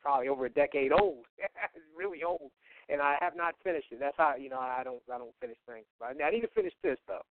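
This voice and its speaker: A man's voice: on the high side, fast talker, no room sound. A man co-hosting a talk radio show, rambling through plugs with lots of fillers, chuckles and restarts. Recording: tinny phone-line sound.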